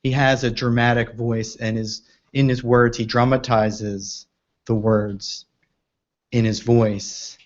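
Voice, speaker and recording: Slow, reflective man on a dull recording. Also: medium pitch, flat delivery. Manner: reflective, halting, with restarts. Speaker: poetry reader and commentator. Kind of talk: spoken commentary on a poem.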